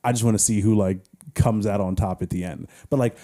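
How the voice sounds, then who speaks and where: A man's voice: lowish voice, steady tone, brisk, dark tone. A man from the United States co-hosting a podcast, chatting casually, blunt and joking with casual swearing. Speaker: podcast co-host. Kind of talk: casual chat.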